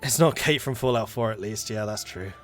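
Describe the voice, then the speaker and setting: A man's voice: lowish voice, brisk, faint music behind. A man chatting casually and thinking aloud as he plays a video game, poking fun at himself. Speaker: gaming YouTuber. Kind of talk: casual gameplay commentary.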